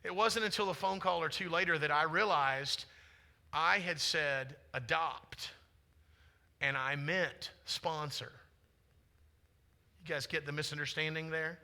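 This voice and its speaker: Male pastor, forties, high and very bright voice, chatty storytelling sermon with questions to the congregation. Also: unhurried, pauses often. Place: church sanctuary.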